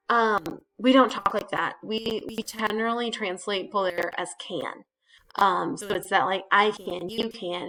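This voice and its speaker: A woman's voice: mid-range voice, fairly bright tone. A woman teaching a recorded Spanish lesson, talking students through the verbs step by step with casual fillers. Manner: chatty, explains step by step with fillers. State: has hiccups.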